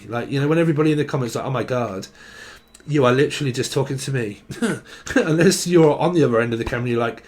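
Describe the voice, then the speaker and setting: A man's voice: mid-range voice, fast talker, darkish tone. Man, tarot reader, rambling word associations, laughs a lot, casual chat. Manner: rambling free association, singing snatches, laughing often. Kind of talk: casual channelled tarot reading.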